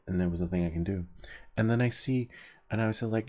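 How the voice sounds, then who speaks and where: Gravelly low-voiced man chatting while soldering. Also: normal speed, pauses often, mellow. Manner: rambling, chuckling storyteller. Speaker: host of a soldering livestream. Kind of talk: casual chat while soldering.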